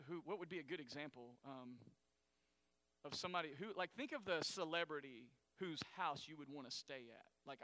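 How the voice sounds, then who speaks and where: A man preaching a sermon in a lively, conversational way, acting out the people in the story with sudden loud, high bursts. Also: long reverb tail. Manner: animated, acts out Bible characters with bursts of loud high voices. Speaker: pastor.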